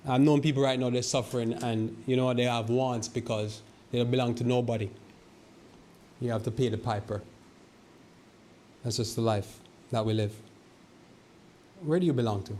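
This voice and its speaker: A male pastor giving a sermon, reading scripture slowly and asking the congregation rhetorical questions, often repeating and restarting words. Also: medium pitch, steady tone, warm tone, a little hiss or hum. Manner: preaches with rhetorical questions and slow scripture quoting.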